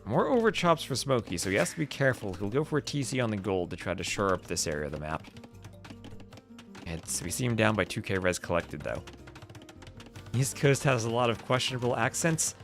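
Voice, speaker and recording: A gravelly-voiced man from New Jersey casts a game on a live stream, fairly low in pitch, fairly quick and lively in intonation. Chatty and quick to laugh, he replies to chat between play calls while game music plays in the background.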